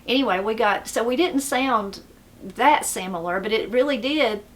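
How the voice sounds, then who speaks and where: Her voice on the high side and her pace normal, this middle-aged Appalachian woman from the mountains of western North Carolina tells casual stories. She's folksy and rambling, and livens up when she quotes someone.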